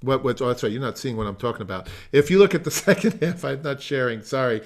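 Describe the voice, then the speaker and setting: Talking fast in a mid-range voice, a man runs a music masterclass over video call. He explains things thoroughly, trails off into side remarks, and breaks into song to show how phrases go.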